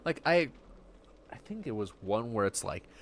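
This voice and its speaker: A man hosting a livestream, rambling in casual chat and acting out quick voices when quoting. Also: lowish voice, very animated. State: getting hiccups. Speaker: livestream host.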